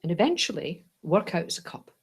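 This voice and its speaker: A woman teaching a Buddhist class, playful and animated, often checking in with "right?" and "yes?". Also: lowish voice, a little fast, husky.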